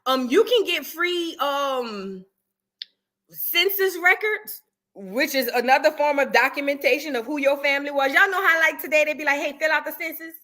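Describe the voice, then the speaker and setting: Woman streamer chatting with viewers, aave, high bright voice, loud one sec then muttering. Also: normal speed. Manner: animated, chatty, swings between loud exclamations and muttered asides. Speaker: livestream reaction host. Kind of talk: casual livestream chat reading super chats.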